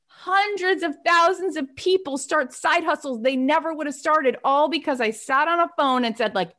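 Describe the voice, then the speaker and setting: A woman with a fairly high voice tells a motivational story on her podcast. She talks with energy and acts out old phone calls as she goes. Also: a bit bright. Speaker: podcast host.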